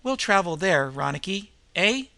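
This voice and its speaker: A man's voice: high voice, very animated, moderate pace, gravelly, bright, forceful tone, no echo, exaggerated voice. A man voicing a cautious bearded older horseman who speaks in a practical drawl.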